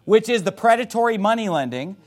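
Male pastor, emphatic sermon delivery, high voice with wide swings; reads scripture in old-fashioned wording. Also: animated, fairly quick. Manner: fiery, emphatic preaching.

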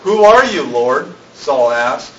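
A man's voice: mid-range voice, very animated, slow, a bit bright. Man reading bible verses from across the room, kinda muffled, slight hiss. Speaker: church member reading aloud. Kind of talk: reading scripture aloud. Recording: distant, dull room pickup.

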